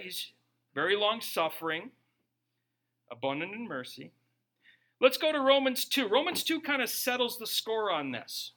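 This pastor, a father who could be a young adult or middle-aged, has a high voice with a pushed, bright quality. His sermon is loose and chatty, full of jokes and small quotes he acts out.

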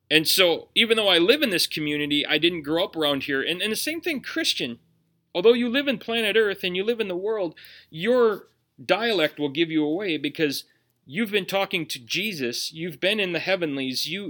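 A man's voice: on the high side, pushed and bright. A man with a Minnesotan accent, preaching a sermon earnestly, with emphatic rhetorical questions. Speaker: pastor.

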